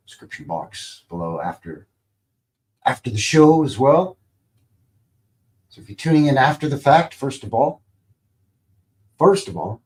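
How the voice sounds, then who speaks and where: A man's voice: fairly low pitch, darkish tone. A man hosting a live stream, chatting casually in a rambling, playful way and tossing in goofy sound effects. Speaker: livestream host.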